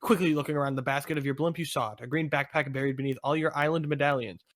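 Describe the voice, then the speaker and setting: A man's voice: fairly high pitch, steady tone, fast, no echo, clean studio sound. A man co-hosting a podcast, narrating a fan fiction aloud in an amused, playful way. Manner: amused, breaks into laughter between lines.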